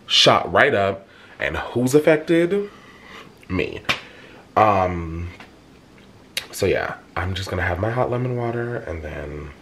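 A man's voice: sits low, slight background noise. A tired man with allergies, chatting casually to camera in a vlog. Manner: chatty, animated, expressive. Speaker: vlogger. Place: home, then out and about.

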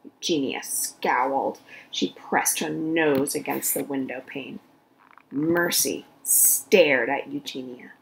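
A woman reading a children's story aloud in an expressive storytelling voice. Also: rumbling low, takes it slowly, vocal fry, a little hiss or hum, poor audio. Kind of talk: read-aloud storytelling for kids.

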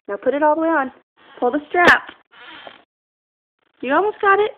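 A woman's voice: high voice, expressive, moderate pace, narrow, tinny audio. A woman filming at home and talking to her small children in a coaxing, sing-song baby-talk voice. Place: family home. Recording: noisy home video.

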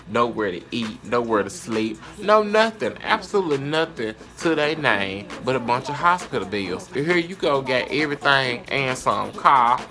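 Young Southern US guy vlogging, sassy and foul-mouthed, mid-pitched, music under him. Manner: brash, profane, sassy and dramatic. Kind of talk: casual advice rant to camera.

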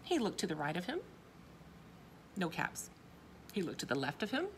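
Brief: animated woman storyteller for children, mid-pitched, with faint hiss behind. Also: normal speed. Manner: expressive, questions to young listeners. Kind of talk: reading a picture book aloud.

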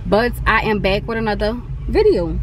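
A woman's voice: medium pitch, lively intonation, moderate pace. Young woman vlogger, chatty and slangy, faint hiss behind. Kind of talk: casual mukbang vlog chat.

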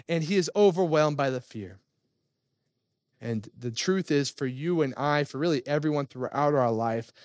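A man in his thirties, a pastor, tells a family story during a conversational sermon. His voice sits on the high side with no echo, and he talks in a storytelling way full of fillers and restarts.

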